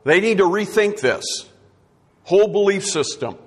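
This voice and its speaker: A man's voice: high-pitched, expressive, normal speed, slightly rough, in a large hall. A man preaching a sermon, emphatic and repeating his key words for effect.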